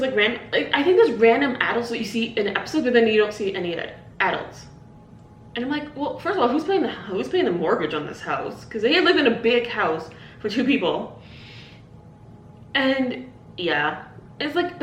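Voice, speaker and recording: A woman's voice: on the high side, recorded from a distance, a little hiss or hum. Chatty young woman in an echoey room. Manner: rambling, chatty, full of "like" and self-interruptions. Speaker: podcast host. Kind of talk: casual solo chat. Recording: echoey room, voice a bit off-mic.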